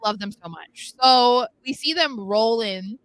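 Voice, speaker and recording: Giggly, excited woman podcaster. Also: a little high. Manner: giggly, excited, fast rambling. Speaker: podcast co-host. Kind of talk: casual chat.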